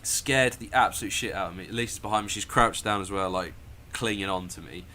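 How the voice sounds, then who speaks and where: A man telling a story casually, animated and sweary, often laughing and acting out the scenes. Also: fairly low pitch, a little fast, slight background noise.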